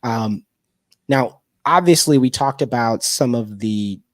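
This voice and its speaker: A man hosting a casual interview, relaxed and affirming, with loose slangy phrasing. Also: mid-range voice, takes it slowly, dry recording, clean studio sound. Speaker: interview host.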